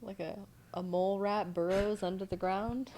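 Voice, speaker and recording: A woman's voice: mid-range voice, fairly even intonation, moderate pace, warm tone, slight background noise. A young woman co-hosting a casual podcast chat, blunt and swearing freely. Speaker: podcast co-host.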